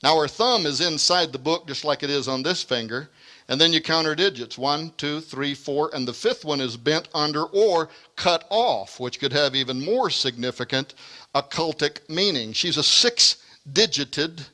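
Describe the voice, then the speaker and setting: A man giving a lecture, speaking emphatically with dramatic stresses and quick asides. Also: fairly high pitch, bright, forceful tone. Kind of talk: lecture with read-aloud quotations.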